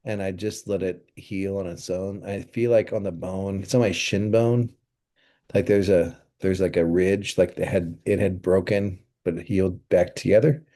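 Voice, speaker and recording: Easygoing mellow-voiced pastor, man. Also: deep voice, steady tone, normal speed. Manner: easygoing, chuckles, rambling storytelling. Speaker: pastor, podcast host. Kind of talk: casual podcast chat.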